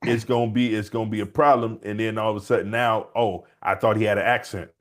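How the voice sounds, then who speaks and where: Podcast guy chatting, loose and animated, tells stories and cracks up a lot. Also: fairly low pitch, fast talker. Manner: animated storytelling, laughs often. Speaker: podcast co-host. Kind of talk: casual podcast chat.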